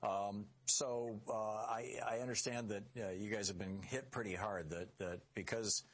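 A man hosting a radio talk show, interviewing a guest by phone in a friendly, halting way with many fillers. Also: on the low side, steady tone.

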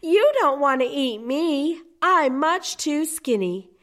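A woman voicing a small, timid young billy goat who pleads in a squeaky voice. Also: lively intonation, slow, a bit bright, exaggerated voice. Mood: pleading.

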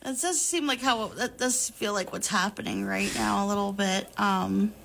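A woman in her thirties co-hosting a podcast, talking in a loose, rambling, animated way with plenty of fillers and laughs. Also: mid-range voice, moderate pace, gravelly, slight background noise. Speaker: podcast co-host. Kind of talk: casual chat.

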